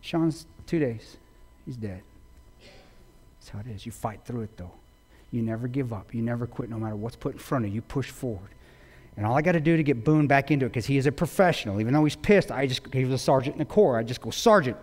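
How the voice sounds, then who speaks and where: Intense man telling a war story in a hall. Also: fast. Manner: intense, swinging between loud bursts and hushed low lines. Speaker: guest speaker. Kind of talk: storytelling talk to an audience. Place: large auditorium. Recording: long hall reverb.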